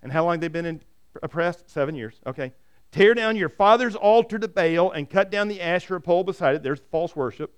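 High, smooth-voiced male pastor preaching. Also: fairly quick. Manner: animated storytelling, repeats words when starting. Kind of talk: sermon.

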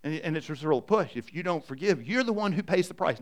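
Brief: middle-aged male pastor, animated sermon delivery, pitch a touch high. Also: fast talker, hardly any pauses. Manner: emphatic, animated storytelling with repetition.

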